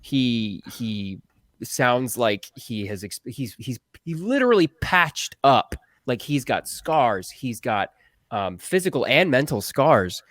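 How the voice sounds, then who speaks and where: A man, a voice actor guest on a live-stream interview, talking earnestly and haltingly with many restarts. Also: medium pitch, big pitch swings, fairly bright tone, dry recording.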